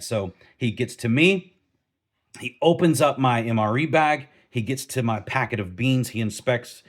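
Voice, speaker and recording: A middle-aged man telling a story from his army training in a casual vlog, animated, laughing now and then and often restarting his sentences. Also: mid-range voice.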